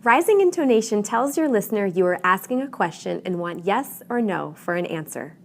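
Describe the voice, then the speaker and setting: A woman, giving a scripted English pronunciation lesson with clear, deliberate emphasis. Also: mid-range voice, expressive. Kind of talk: scripted instructional narration.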